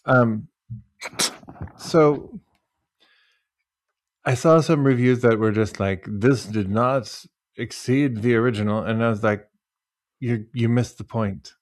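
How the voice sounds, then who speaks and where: A man hosting a podcast who chats casually, tells animated stories and jokes, and leads the segments. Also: medium pitch, slow, pauses often, no room sound. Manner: animated storyteller, doing voices, joking. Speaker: podcast host. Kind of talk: casual chat.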